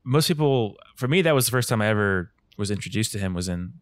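A man's voice: fairly low pitch, lively intonation, quick pace. A man hosting a casual conversation about movies, enthusiastic and asking questions.

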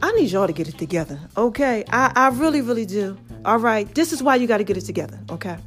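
A woman's voice: fairly high pitch, lively intonation, fast talker, soft background music. A woman hosting her own podcast, telling a story in a casual way and speaking straight to her listeners. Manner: chatty, addresses listeners directly, repeats "baby" and "okay". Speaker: podcast host.

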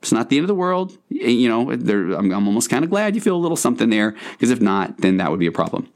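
A man's voice: medium pitch, big pitch swings, quick pace. A man voicing guilt as a nice, casual adult man who talks in a reassuring, upbeat way. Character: friendly easygoing adult man, personified guilt.

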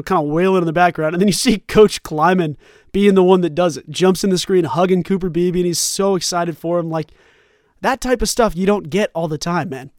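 Animated young man talking college sports. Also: high voice, no room sound, studio quality. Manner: animated, rambling, conversational with many asides. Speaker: sports podcast host. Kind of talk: casual sports commentary monologue.

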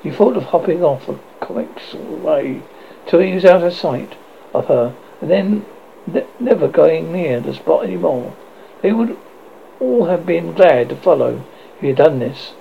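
A narrator reading a storybook aloud, halting now and then with restarts, in a dull lo-fi recording. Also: medium pitch, expressive, vocal fry, slight background noise.

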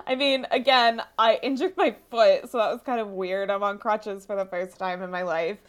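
A woman's voice: medium pitch, steady tone, moderate pace. A woman in her late twenties, a podcast guest, chatting casually and laughing between phrases. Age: 20s. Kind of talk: casual chat.

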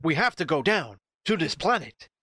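A man voicing a stiff adult starship captain who gives orders in halting, overly formal speech. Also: a little high, sing-song, pushed and bright, no echo, studio quality, exaggerated voice. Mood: commanding.

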